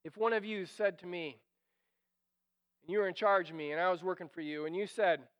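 A man preaching a sermon as pastor, animated and acting out quoted lines, sometimes dropping to a near whisper. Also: high-pitched, a little fast, pauses often.

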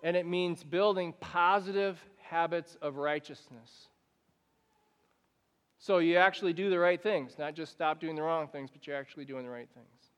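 Man, pastor, high-pitched, animated conversational sermon, long hall echo. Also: moderate pace, clean tone. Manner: animated, conversational preaching with acted-out examples.

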